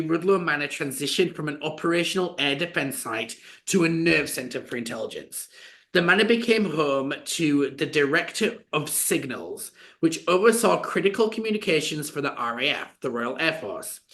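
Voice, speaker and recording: A man co-hosting a podcast, telling a story in a chatty, animated way with lots of fillers. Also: a little high. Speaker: podcast co-host. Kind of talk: casual storytelling chat.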